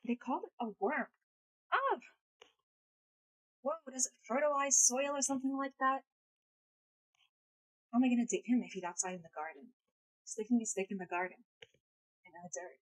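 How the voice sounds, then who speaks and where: A woman's voice: a little high, animated, normal speed, pauses often, rough recording. A woman live streaming in casual chat, playful and blunt, swearing freely, speaking English as a second language. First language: not English.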